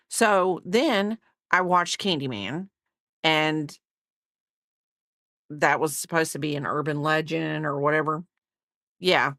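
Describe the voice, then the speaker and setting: A woman's voice: deep voice, lively intonation, a little slow, pauses often, a bit bright, no echo, studio quality. A middle-aged woman chatting casually while she crochets, rambling with lots of fillers and asides. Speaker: crochet vlogger.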